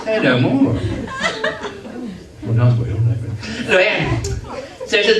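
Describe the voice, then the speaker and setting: A man's voice: sits high, very animated, measured pace, pauses often. An English man telling a comic story to a live audience, chatty and teasing, playfully pompous, recorded from a distance in a hall. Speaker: comedy entertainer. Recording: echoey hall from far off, crowd.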